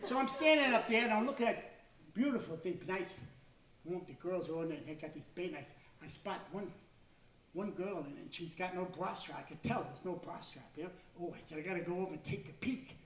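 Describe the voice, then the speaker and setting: Middle-aged guy doing stand-up, really high bright voice, chatty and self-mocking, sounds a bit far off in an echoey club. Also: brisk. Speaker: stand-up comedian. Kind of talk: stand-up comedy routine. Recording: echoey stage sound from a distance.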